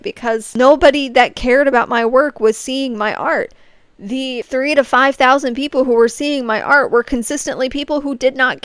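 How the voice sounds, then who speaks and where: A woman's voice: sits high, dry recording. A woman in her late twenties, talking to camera in a casual vlog, frank and rambling, circling back over her words as she vents. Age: late 20s. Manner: frank, rambling, restarts often, frustrated about social media. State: on the verge of tears. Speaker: vlogger.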